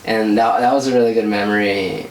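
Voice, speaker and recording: The young SoCal vlogger rambles casually through stories, relying on fillers throughout. His voice is on the low side and steady, his delivery brisk over a noisy crowd, and the distant mic picks up an echoey room.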